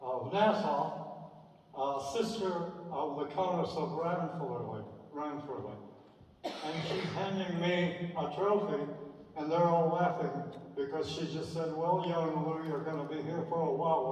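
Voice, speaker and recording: An older man with a fairly high voice tells stories in a relaxed, chatty way as he clicks through old photos. He sounds distant from the mic, and his voice rings around a large echoing theater with a long reverb tail. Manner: chatty, anecdotal, with dry asides. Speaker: speaker presenting a slideshow. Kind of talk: casual reminiscing talk over slides. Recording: echoey hall, distant from mic.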